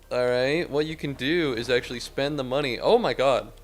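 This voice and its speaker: A young man streaming a game, rambling and sarcastic, swearing a lot and yelping suddenly at the game. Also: mid-range voice. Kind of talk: casual gameplay commentary.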